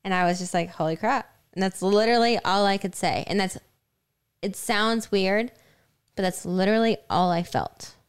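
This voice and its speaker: A young woman co-hosts a casual podcast, telling a personal story with plenty of fillers. Her voice is smooth and clear, at a middle pitch for a woman. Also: fairly even intonation, moderate pace. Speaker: podcast co-host.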